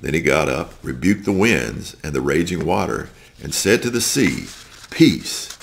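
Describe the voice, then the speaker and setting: Man reading scripture, extremely low bass voice, gravelly fry, slow deliberate delivery. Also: very animated. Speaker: scripture reader. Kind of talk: reading aloud a scripture story.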